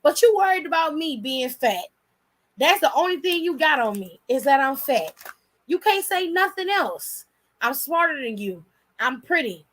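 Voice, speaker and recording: Young woman spinning a story, blunt and cussing a lot, high bright voice, super animated. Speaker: host. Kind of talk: casual storytelling.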